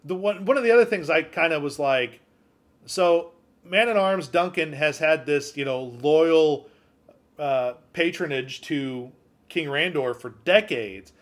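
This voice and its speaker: A man co-hosting a podcast in casual chat, profane and retelling scenes with quick quotes. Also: on the high side.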